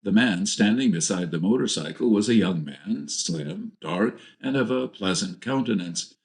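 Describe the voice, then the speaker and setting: A man with a lowish voice reads a crime novel aloud. His narration is steady and measured. He delivers it as scripted audiobook reading.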